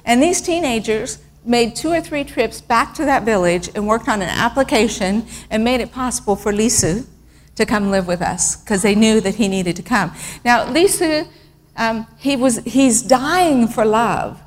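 A middle-aged woman tells stories from her missionary work in an earnest, emotional way, often restarting her sentences. Her voice sits fairly high. The sound carries a long reverb, as if from a large hall. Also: normal speed. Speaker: missionary speaker. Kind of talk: storytelling talk with slides.

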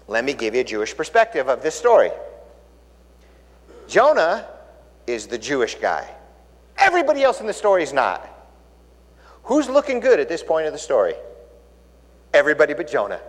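A man preaching a sermon, telling the story with animated storytelling and acting out the characters' lines. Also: mid-range voice. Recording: long reverb of a large hall.

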